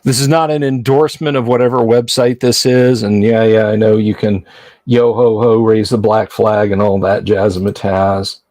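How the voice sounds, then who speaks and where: A man's voice: lowish voice, level tone, moderate pace, a little mellow, dry recording. A man hosting a livestream, chatting casually and jokingly with his viewers and rambling between points. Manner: chatty, rambling, jokey, answers chat. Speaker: livestream host.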